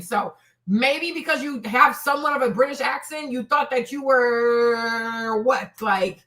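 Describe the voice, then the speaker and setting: A woman's voice: sits high, a bit bright. A woman host giving sassy, emphatic reaction commentary on a stream, with laughing asides.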